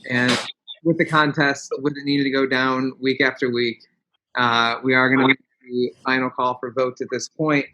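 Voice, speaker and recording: A man hosting a live online show over a video call, earnest and halting, often restarting his phrases. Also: mid-range voice, level tone, sharp tone, muffled recording. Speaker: show host.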